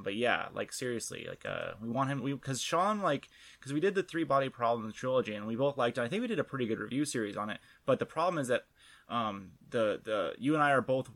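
A man co-hosting a podcast, talking casually with a gravelly edge to his mid-range voice. He rambles, restarting sentences and piling up fillers as he goes. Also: mid-range voice, expressive, quick pace, fairly bright tone. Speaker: podcast co-host. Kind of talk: casual chat.

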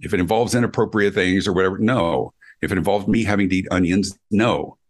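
Husky deep-voiced man, lively storyteller. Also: brisk. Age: middle-aged. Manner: acts out quoted dialogue with big pitch jumps. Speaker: guest speaker and consultant. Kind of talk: animated storytelling interview.

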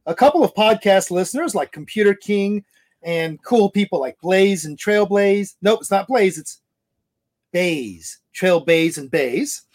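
A man's voice: high voice, moderate pace, a little mellow. Joking male podcast co-host. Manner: joking, teasing. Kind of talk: casual podcast chat.

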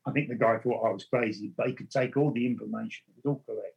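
A man's voice: medium pitch, quick pace, vocal fry, breathy edge, muffled recording. A man, a medium, earnestly recounting his experiences in conversation and often restarting his words. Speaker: spiritual medium. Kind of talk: storytelling in conversation.

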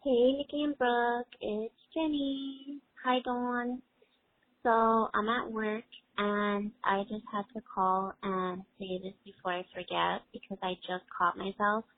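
A woman calling in from work, speaking in an unhurried, flat manner. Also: medium pitch. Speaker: caller leaving a voicemail. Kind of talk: casual chat. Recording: tinny phone line.

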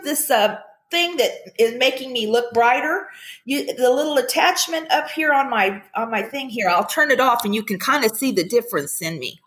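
An older woman chatting upbeat on a video call, telling stories with animated quotes. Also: sits high, reverberant. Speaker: guest, commercial actress. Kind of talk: casual chat on a video call.

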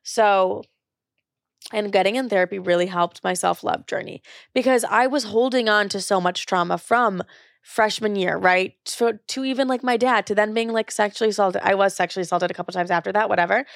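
A young woman speaks in a relaxed, confessional monologue, her voice catching into a gravelly fry at the ends of phrases. She talks frankly and loosely, full of "like" and the odd curse. The recording is close and dry, with no room sound. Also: mid-range voice, brisk, dry recording. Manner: casual, frank, filler-heavy talk with frequent "like" and swearing. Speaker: podcast host. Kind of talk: candid personal monologue.

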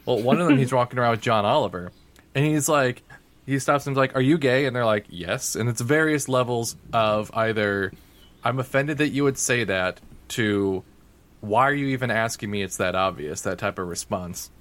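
A man's voice: mid-range voice, normal speed, a bit bright. Rambling man chatting casually. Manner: rambling, heavy use of "like". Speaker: podcast co-host. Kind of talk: casual chat. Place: home, talking over Discord.

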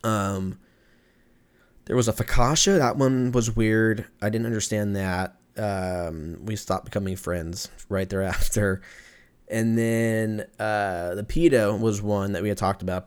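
A young man hosting a podcast, ranting casually with profanity, jokes and frequent laughter. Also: fairly low pitch. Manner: profane, joking, animated, laughs often. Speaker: podcast host. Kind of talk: casual solo podcast rant.

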